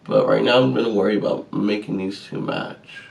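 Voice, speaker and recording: Sassy guy talking thru his makeup routine, bit of vocal fry, camera mic kinda far off. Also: on the low side, steady tone, normal speed. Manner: chatty, sassy and self-deprecating. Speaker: vlogger. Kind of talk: casual makeup tutorial.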